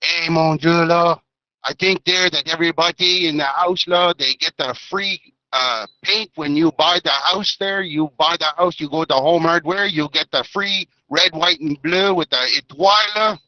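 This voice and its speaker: A man's voice: a little high, moderate pace, bright, forceful tone, no room sound. A man putting on a joking Acadian French accent. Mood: playful. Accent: Acadian French put-on. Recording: lo-fi voice chat audio.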